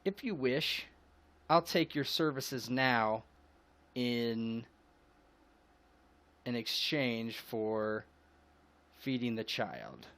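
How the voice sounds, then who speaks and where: A man's voice: mid-range voice, expressive, extremely slow, long pauses, a bit bright, full character voice. A man voicing a stout, scornful woman who works as a wet nurse, in a tabletop game. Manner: scornful, haughty.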